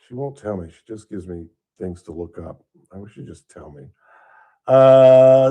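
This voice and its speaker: A man's voice: mid-range voice, unhurried, mellow. A man hosting a talk radio show, chatting casually and bluntly, wandering off topic and back.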